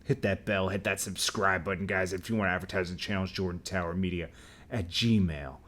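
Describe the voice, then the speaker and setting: Low-voiced man telling an animated story. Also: brisk. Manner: animated, acts out quotes with loud high outbursts. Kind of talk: casual storytelling to camera.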